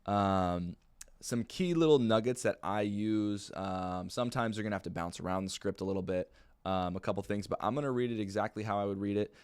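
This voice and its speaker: A man teaching new sales agents how to work a phone script, in a chill, fairly monotone way, often checking in with "right?" and "okay?". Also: brisk, clean tone. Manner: calm, low-key delivery with frequent "right?" and "okay?". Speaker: sales trainer. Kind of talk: training talk on a phone script.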